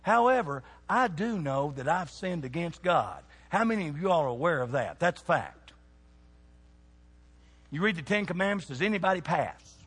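A high, husky-voiced man, preaching to young people. His pitch swings widely as he quizzes the crowd and keeps them answering. The sound rings with a long reverb, as in a church hall. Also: moderate pace. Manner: animated, asks the audience questions.

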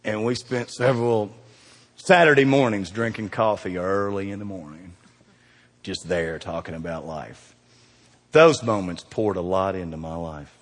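A middle-aged man preaching a folksy sermon, swinging from loud emphasis down to hushed, quiet lines. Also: on the low side. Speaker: pastor. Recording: reverberant hall.

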